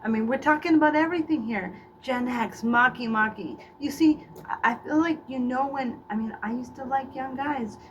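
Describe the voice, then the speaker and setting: A middle-aged woman rattles on in a gossipy comic monologue, tripping over her own restarts. Her voice sits a little high and comes from a mic set well back, with a faint hiss of background noise underneath. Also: moderate pace, far from the mic, lo-fi sound. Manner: rambling, gossipy, with stammered restarts. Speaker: comedian playing a faded former child actor. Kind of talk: comedic character monologue.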